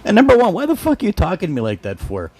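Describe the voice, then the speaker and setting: A man's voice: high-pitched, wildly swooping pitch, rapid-fire, darkish tone. A man hosting a podcast, ranting in an exasperated, profane way and laughing now and then. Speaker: podcast host. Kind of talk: solo comedic rant.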